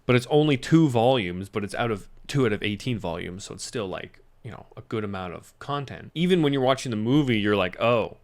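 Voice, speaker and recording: A man's voice: fairly low pitch, animated, fairly quick, hardly any pauses. A young man rambling casually about an anime movie, swearing freely and laughing often. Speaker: YouTuber reviewing an anime film. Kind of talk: casual chat.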